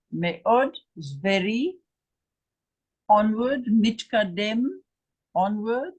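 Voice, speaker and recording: Slow, husky English woman teaching. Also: mid-range voice, rough recording. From England. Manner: repeats words, spells letters aloud. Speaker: Hebrew teacher. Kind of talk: slow, patient language lesson.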